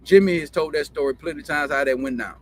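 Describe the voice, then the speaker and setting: A sports talk show host with a slightly high voice speaks fast. He tells a story as a heated, repetitive, profane rant of sports commentary.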